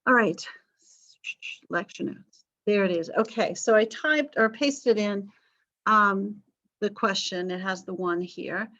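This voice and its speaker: A woman teaching a recorded online class, talking in a loose, chatty way that is full of ums and jokes at her own expense. Her voice sits at an ordinary middle pitch. The sound is dull and lo-fi, as if from a basic computer microphone. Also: takes it slowly, long pauses, a bit bright. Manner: chatty and self-deprecating, with frequent ums. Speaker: college history instructor.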